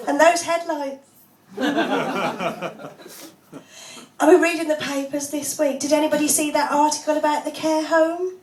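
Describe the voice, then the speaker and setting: High-voiced woman doing stand-up in a pub club, deadpan jokes, echoey and far from the mic. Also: slow, pauses often. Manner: deadpan one-liners with frequent laughs. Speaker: stand-up comedian. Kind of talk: stand-up comedy set. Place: small pub comedy club, audience laughing.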